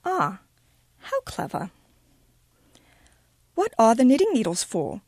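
A woman's voice: huge pitch swings, takes it slowly, a little mellow, dry recording, clean studio sound, heavily acted. A woman voicing a prim, condescending English woman teacher with an English accent and barbed, sniffy delivery. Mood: haughty. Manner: barbed, haughty, high and sniffy.

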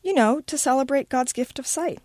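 A woman reading the part of a tired, sharp-tongued mother of two boys, with dry, clipped retorts. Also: high voice, moderate pace, dry recording, pitched above the performer's own voice.

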